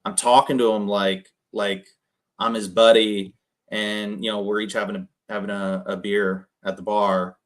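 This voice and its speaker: A man casually coaching people on cold calling between phone calls, often tagging his points with a quick "right?". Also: on the low side, flat delivery. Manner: conversational, keeps adding "right?". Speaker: real estate wholesaling coach.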